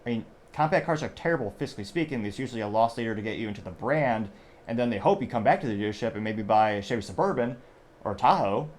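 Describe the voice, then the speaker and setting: A man's voice: on the low side, animated, fast talker, slight background noise. A young adult man hosting a show, giving rambling, conversational news commentary and often correcting himself. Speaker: show host.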